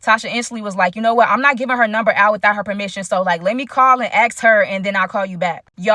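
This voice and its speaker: Young woman storyteller, bright and forceful, animated and slangy, dry close sound. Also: medium pitch, fast talker, dry recording. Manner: animated, chatty, slangy, talks straight to viewers. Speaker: storyteller vlogger. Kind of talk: casual storytime narration.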